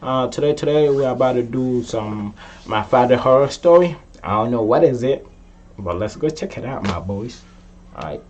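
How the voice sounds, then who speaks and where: A man's voice: mid-range voice, expressive, moderate pace, a little mellow, slight background noise. Laid-back man reacting with slang. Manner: slangy, loose, talks back to the story. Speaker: reaction video host. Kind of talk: casual reaction commentary.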